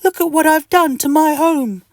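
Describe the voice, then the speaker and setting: A man voicing a tiny, fuzzy, smug male itch creature in a children's audiobook, with a high squeaky voice. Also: moderate pace, a little mellow, no echo, studio quality. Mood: distressed.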